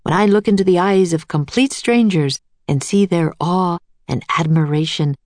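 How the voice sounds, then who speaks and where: A woman's voice: on the low side, normal speed, a little mellow, dry recording, lightly acted. A woman reading aloud, voicing a cheerful, gracious and rather boastful master artist in a storybook. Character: grand, cheerful man, an older artist genius.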